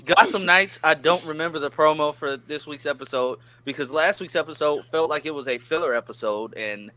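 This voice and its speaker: A man's voice: a little high, lively intonation, a little fast, bright, forceful tone. A man hosting a casual live stream chat, often stammering and repeating words as he starts his sentences.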